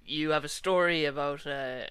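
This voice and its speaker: A man with a slightly raised pitch, co-hosting a casual podcast. He teases the others and keeps the conversation moving. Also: normal speed. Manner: teasing, steers the conversation. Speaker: podcast co-host. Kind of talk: casual chat.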